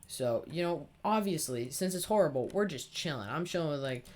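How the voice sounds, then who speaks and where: Brisk and expressive, a teenage gaming channel host with a slightly high male voice tells a rambling, sarcastic story as he plays. The casual storytelling is full of swearing.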